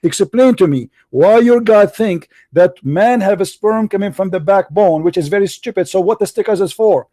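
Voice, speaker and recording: A man's voice: sits high, moderate pace, hardly any pauses, warm tone, dry recording. Combative mocking man in a heated debate. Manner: combative, mocking, talks over the other. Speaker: debater challenging a caller.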